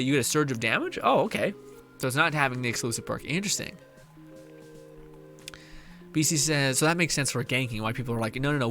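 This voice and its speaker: A man's voice: medium pitch, fairly bright tone. A male streamer chatting casually and reading viewer messages aloud, tired and mentally drained, laughing often and swearing.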